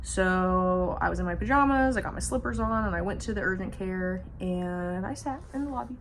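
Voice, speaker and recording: A woman's voice: medium pitch, moderate pace, slight background noise. A woman vlogger telling a personal story in casual, rambling speech, slipping in humor and nervous laughs as she goes. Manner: rambling, many fillers and restarts.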